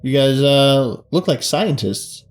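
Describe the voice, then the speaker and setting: A man's voice: medium pitch, expressive, slow pace, a little hiss or hum. A man playing a ship captain in a tabletop game, casual and hesitant with fillers. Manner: casual, hesitant, playful in character. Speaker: player. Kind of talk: casual tabletop role-play.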